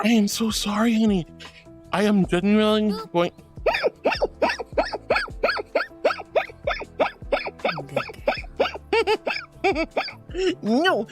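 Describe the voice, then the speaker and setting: A high-pitched man chats casually on a livestream, reading the chat aloud. He's affectionate and giggly, addressing his viewers as sweetheart and darling.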